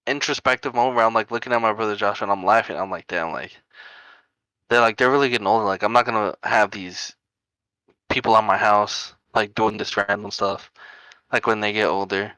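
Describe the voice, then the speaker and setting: A young man co-hosts a casual podcast, rambling through stories packed with "like" and laughing often. His lowish voice is steady, pushed, and bright, moving fairly quickly, and the recording is clean and dry.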